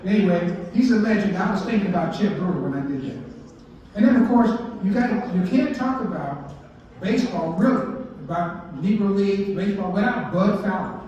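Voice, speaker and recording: A man's voice: high voice, animated, moderate pace, a little mellow, slight background noise. A man in his sixties, a baseball historian giving a folksy storytelling talk and asking his audience questions. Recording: echoey hall, distant mic, muffled.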